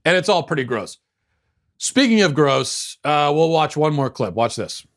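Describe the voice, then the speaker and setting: A man's voice: a little high, very animated, unhurried. A man hosting a political commentary show, talking casually in a sarcastic, mocking way with frequent restarts.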